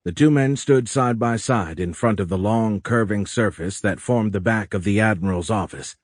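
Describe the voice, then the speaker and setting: Male audiobook narrator, low voice, steady delivery, dry close sound. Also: normal speed, dry recording. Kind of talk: scripted narration.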